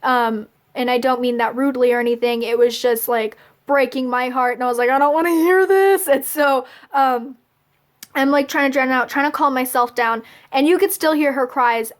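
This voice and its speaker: A woman's voice: on the high side, steady tone, a little fast, few pauses. A young woman vlogger telling a personal story in a chatty, casual way, with lots of fillers and little laughs. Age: young adult. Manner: chatty, filler-heavy, giggly.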